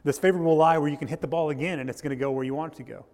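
A man preaching a sermon as pastor, telling a story in a loose, halting way with frequent restarts. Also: a little high, fairly even intonation, a little mellow, big-room sound. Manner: storytelling with restarts and rising intensity. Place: church.

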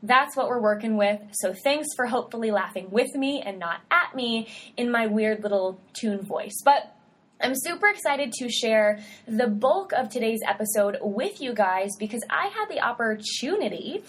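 A woman's voice: fairly high pitch, lively intonation, normal speed, a bit bright. A young adult woman, a dietitian, hosting her own podcast solo in an upbeat, chatty way with casual slang.

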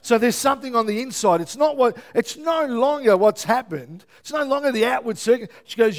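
A man preaching a sermon as pastor, lively and often checking in with his listeners. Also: extremely high pitch, brisk, few pauses. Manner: lively, keeps checking in with the congregation.

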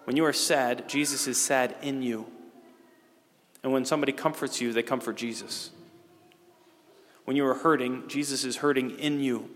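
A middle-aged priest giving a homily in a conversational way, with casual fillers and restarts. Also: male voice, medium pitch. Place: church. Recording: long church reverb.

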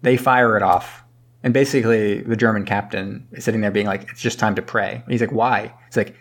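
A man's voice: lowish voice, fairly even intonation, brisk. A man casually recapping a movie plot, rambling and acting out characters' lines with the odd swear. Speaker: podcast co-host.

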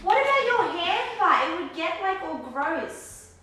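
Very high, bright woman in a very echoey room. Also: very animated, measured pace. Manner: says her voice is high-pitched. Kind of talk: casual banter. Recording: very echoey room with faint noise.

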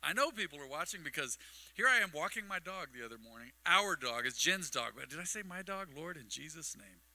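A man preaching a mid-week sermon as pastor, telling a long personal story with acted-out dialogue and quick asides to the congregation. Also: fairly high pitch, very animated, bright, forceful tone, rough recording. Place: church sanctuary. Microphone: microphone on a livestream.

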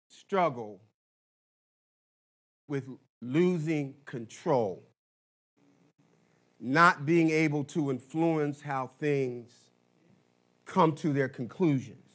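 Slow-talking pastor telling a story. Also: male voice, fairly high pitch. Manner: slow dramatic storytelling with big swings in loudness. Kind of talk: sermon.

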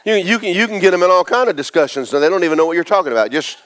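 A man preaching a folksy, animated sermon, jumping between shouts and hushed asides. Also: high-pitched, very fast. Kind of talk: lively sermon with acted quotes.

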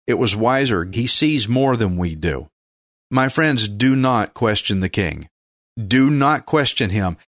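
An earnest male preacher delivering a sermon, his voice swinging widely between hushed low asides and ringing high emphasis. The sound is close and dry, with little room echo.

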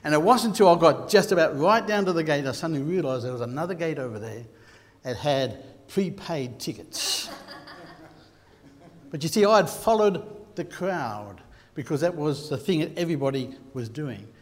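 An Australian man preaching a sermon, telling stories and rising to loud bursts. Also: on the high side, lively intonation, moderate pace. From Queensland, Australia. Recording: long hall reverb.

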